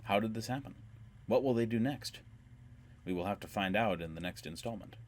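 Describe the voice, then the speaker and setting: A man narrating an audiobook in a calm, measured way. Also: on the low side.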